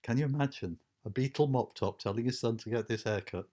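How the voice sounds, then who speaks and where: A man's voice: mid-range voice, fairly quick, a little mellow. A man telling an anecdote in a rambling, hesitant way, full of fillers and restarts. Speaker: storyteller. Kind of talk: anecdotal storytelling.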